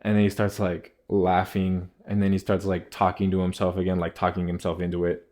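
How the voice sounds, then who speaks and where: A man's voice: low voice, monotone, brisk, a little mellow. A young man telling a rambling casual story, packed with filler words.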